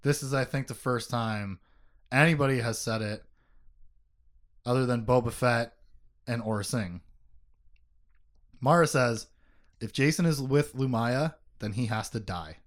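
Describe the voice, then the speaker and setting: A man hosting a casual book discussion podcast, animated, laughing often and swearing casually as he reads passages aloud. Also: mid-range voice, measured pace, long pauses. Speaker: podcast host.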